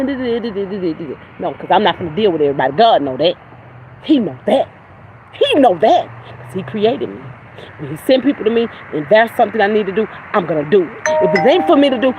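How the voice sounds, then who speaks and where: A woman's voice: mid-range voice, background noise. A middle-aged woman hosting a livestream, speaking bluntly and emphatically about energy, God and people she won't deal with, with some cursing. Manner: blunt, emphatic, preachy, with spiritual talk and cursing. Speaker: livestream host. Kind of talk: casual livestream monologue.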